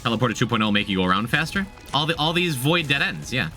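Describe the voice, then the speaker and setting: A man narrates his gameplay in a bright, lively voice that rises and falls a lot. He thinks aloud, repeats phrases and talks to his chat. Faint game music plays behind him. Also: mid-range voice, fast talker. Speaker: streamer. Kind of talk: casual gameplay commentary.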